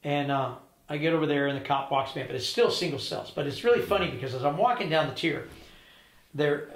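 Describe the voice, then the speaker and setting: A man's voice: fairly high pitch, fast talker, roomy sound, poor audio. An older man telling a story in an interview, acting out each person's lines in turn. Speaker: interview guest. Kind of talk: storytelling with quoted dialogue.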